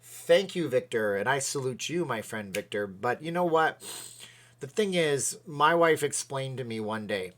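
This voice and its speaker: Middle-aged canadian guy on a livestream, rambling along, reading chat and thanking folks, average-pitched voice. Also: lively intonation, measured pace, fairly bright tone. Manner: rambling, chatty, thanks viewers by name, sways while talking. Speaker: livestream host. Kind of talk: casual livestream chat reading viewer comments.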